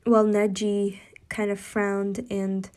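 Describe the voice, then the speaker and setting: A woman's voice: mid-range voice, completely flat delivery, slow pace, darkish tone. A young woman casually narrating a fan story she makes up as she goes, rambling with fillers and self-corrections.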